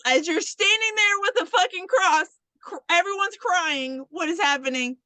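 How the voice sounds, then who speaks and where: A woman with a high, bright voice recaps a horror film for her podcast co-host, jumping into the characters' voices as she goes. She talks casually and swears freely. The recording is dry and close. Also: normal speed, no echo. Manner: animated storyteller who acts out the characters' lines and swears freely. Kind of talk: casual chat, retelling a horror movie.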